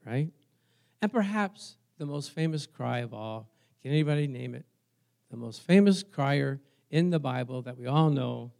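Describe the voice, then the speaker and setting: A man pastor preaching a sermon in a church, conversational, calling for amens and swinging from soft asides to loud exclamations. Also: mid-range voice, creaky.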